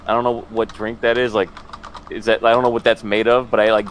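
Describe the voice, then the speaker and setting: A man's voice: fairly low pitch, level tone, fairly quick. Man, casual podcast chat, rambling, self-mocking, slight hiss behind.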